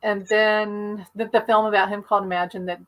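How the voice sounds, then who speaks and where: A woman's voice: medium pitch, little pitch movement, brisk, a bit bright, low-quality recording. Chatty woman on a video call. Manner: chatty, rambling, laughs often. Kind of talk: casual chat.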